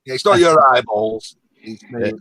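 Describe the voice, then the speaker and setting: A man's voice: medium pitch, moderate pace, a crowd in the background, rough recording. A man from the north of England with a strong Lancashire accent, chatting and teasing as a guest on a live stream. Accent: Lancashire English. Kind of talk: casual chat. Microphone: on camera, close.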